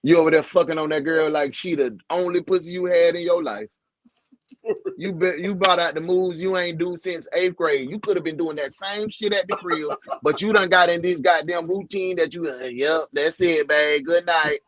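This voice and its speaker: A man co-hosting a casual podcast, talking bluntly and profanely, jumping from loud outbursts to low mumbles. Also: fairly even intonation, moderate pace, no echo, rough recording. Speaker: podcast co-host. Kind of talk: candid casual podcast chat.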